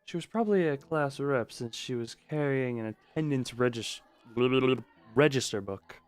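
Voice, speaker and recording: A man's voice: mid-range voice, expressive, normal speed, faint music behind. A man streaming a game, reading the on-screen text aloud and breaking off for joking remarks. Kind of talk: live gameplay stream, reading a visual novel aloud.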